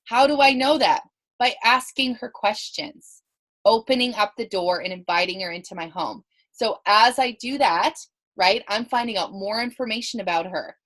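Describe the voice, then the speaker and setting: A woman talks her team through a training call. She tells everyday stories and acts out her own lines and the other person's along the way. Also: mid-range voice. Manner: animated storytelling, quoting herself and others. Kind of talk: coaching talk with acted-out dialogue. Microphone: call recording.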